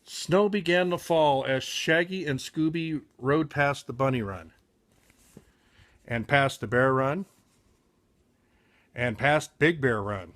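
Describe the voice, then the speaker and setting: A man's voice: mid-range voice, slow, pauses often, fairly bright tone. A man reading a children's picture book aloud with frequent slips and self-corrections.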